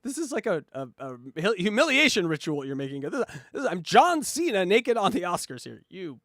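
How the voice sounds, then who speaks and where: A man with a high, very lively voice riffs and mocks his way through clips as a comedy podcast co-host. The sound is close and dry, with no room around it. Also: brisk, dry recording. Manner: loud, mocking, jokey fake translations. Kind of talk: riffing commentary over clips.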